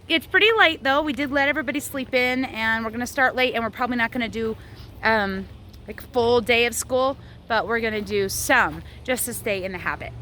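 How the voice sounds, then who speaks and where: A woman's voice: on the high side, bright, forceful tone, slight background noise. A woman in her thirties hosting a casual outdoor vlog from a backyard chicken coop, chatting to the camera and cooing at her hens. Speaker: vlog host.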